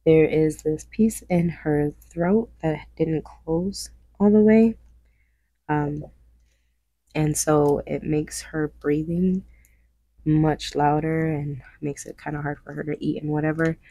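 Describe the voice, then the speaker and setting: A woman's voice: deep voice, mellow, no echo. A young woman chatting casually while she paints, rambling, with lots of fillers and little laughs. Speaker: craft vlogger.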